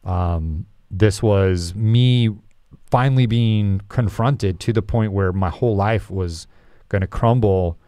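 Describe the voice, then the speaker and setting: A podcast guest telling his own story in a reflective, confessional way, often pausing and restarting. His voice is low and mellow, and the sound is dry with no room echo. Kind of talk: candid personal story in an interview.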